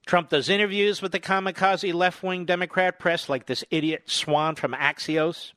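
A male talk radio host delivering a combative, sarcastic political monologue full of rapid-fire rhetorical questions. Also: sits high, steady tone, fairly bright tone, clean tone, no room sound, studio quality.

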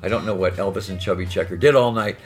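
An older man from Detroit telling lively, punchline-driven stories as a guest in a conversation. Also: low voice, fast talker, soft background music. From Detroit, USA. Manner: animated, punchline-driven storytelling. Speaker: guest storyteller. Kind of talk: anecdotal storytelling in conversation.

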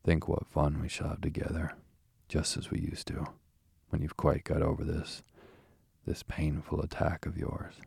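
Give me a wry, kindly water rat in a sleepy bedtime storybook, read by a man, with knowing asides and a very deep, gravelly voice. The voice is dark and husky. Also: completely flat delivery, measured pace, no echo, studio quality, heavily acted. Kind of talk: soothing bedtime storybook reading.

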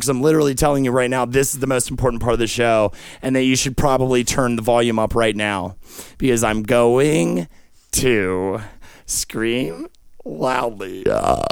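Profane rambling man with a gravelly voice. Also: medium pitch, dry recording. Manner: absurd, profane stream of consciousness with sudden yelling. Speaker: podcast host. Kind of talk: rambling comedic monologue.

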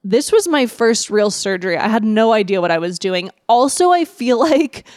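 A woman on a podcast telling a personal story in an animated way, laughing often. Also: on the high side, moderate pace, no room sound, studio quality. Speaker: podcast guest. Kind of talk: casual podcast chat.

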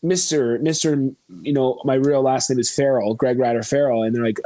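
A man's voice: medium pitch, normal speed, few pauses, dry recording. A young man from Canada, a country singer guest on a podcast, chatting casually and acting out the voices of people in his stories. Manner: animated storytelling, acting out quoted voices.

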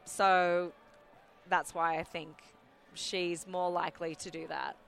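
A woman's voice: on the low side, little pitch movement, slow, vocal fry, smooth. A chatty woman in her forties with an Australian accent, talking as a guest in a casual interview and rambling with lots of fillers.

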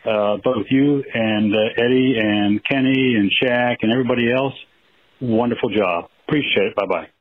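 A man leaves an earnest, rambling voicemail for a podcast. His voice is husky and comes through a thin, phone-like line. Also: medium pitch, moderate pace, no room sound. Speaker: caller. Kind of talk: voicemail message.

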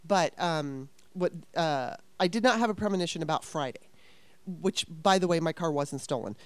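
A woman's voice: low voice, lively intonation, normal speed, no room sound. A woman in her fifties telling a story casually, rambling and swearing with exasperation.

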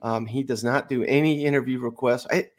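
A man's voice: medium pitch, fairly even intonation, fairly quick. A man appearing as a guest on a sports podcast, upbeat and laughing often as he talks up his own show. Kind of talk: casual interview.

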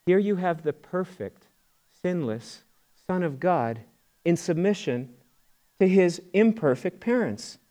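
A man's voice: sits high, expressive, takes it slowly, mellow. A middle-aged man preaching a sermon as pastor, in a conversational way, often repeating words and acting out quoted voices.

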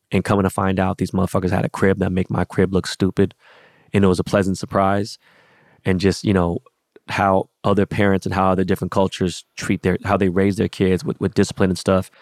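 Gravelly, blunt-talking man. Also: low voice, darkish tone, dry recording, studio quality. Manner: profane, blunt, rambling. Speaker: social media personality. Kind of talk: casual monologue storytelling.

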